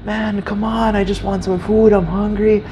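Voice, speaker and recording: A man's voice: sits high, level tone, dark tone, a little hiss or hum, voice pushed up. A man voicing a hungry male street beggar who pleads insistently and repeats himself. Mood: pleading. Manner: pushy, insistent, rapid repeats.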